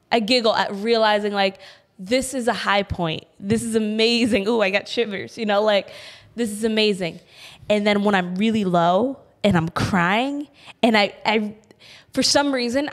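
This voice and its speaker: A woman in her thirties co-hosting a casual, reflective conversation, talking in an animated, giggly way with lots of "like". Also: medium pitch. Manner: animated, giggly, says "like" a lot. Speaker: podcast co-host.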